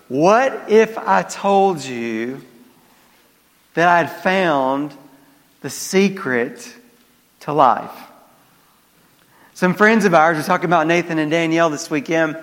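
High-voiced Southern pastor in a reverberant hall. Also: male voice, a bit bright. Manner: call-and-response, asks congregation for amens. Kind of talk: sermon. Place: church sanctuary.

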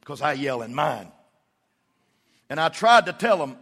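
A man's voice: on the high side, very animated, a little slow, a bit bright, big-room sound. A middle-aged man preaching a sermon as pastor, telling folksy stories and acting out quotes from his congregation. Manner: folksy storytelling with acted-out quotes. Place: church.

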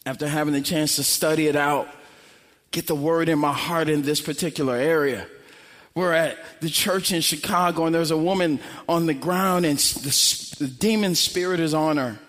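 A man's voice: fairly high pitch, normal speed, a bit bright, long reverb tail. A man preaching a sermon, telling a story with acted-out quotes and building to emphatic, repeated lines.

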